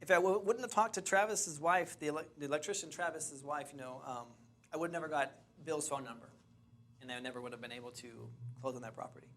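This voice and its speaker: A man in a training session, telling animated stories about finding property to a class. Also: on the high side, quick pace, slight background noise. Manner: animated, chatty, restarts and laughs. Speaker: real estate investing trainer. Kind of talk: lively storytelling to a class.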